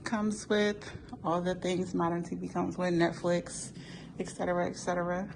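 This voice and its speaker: A woman's voice: on the low side, level tone, normal speed, gravelly, background noise. A woman travel vlogger casually and enthusiastically touring a hotel room, chatting to her viewers.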